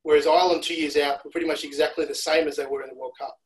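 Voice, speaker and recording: Male analyst guest from Australia, casual podcast chat, slightly raised pitch, analytical delivery. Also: level tone, rapid-fire, low-quality recording. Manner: analytical, repeats words when restarting.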